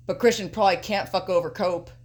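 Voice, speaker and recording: A woman's voice: medium pitch, fairly even intonation, quick pace. Young woman, podcast co-host, casual and chatty, swears freely. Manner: casual, swears often, talks through her picks at length. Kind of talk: casual chat.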